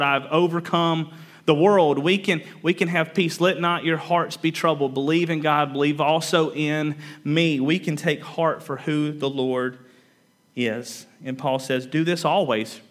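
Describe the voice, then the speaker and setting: Guy preaching a sermon, kinda high voice, earnest, repeats himself and gets emphatic. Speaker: pastor.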